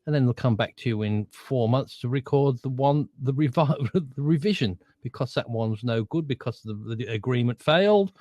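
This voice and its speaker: A man chatting casually, talking things through with quick restarts. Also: mid-range voice, animated, dark tone, dry recording. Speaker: co-host, voiceover worker. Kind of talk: casual chat.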